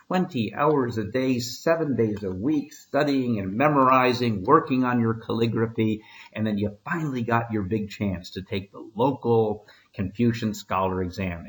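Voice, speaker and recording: A man's voice: medium pitch, poor audio. A man, a history teacher, giving a casual recorded lecture with wry asides and frequent fillers.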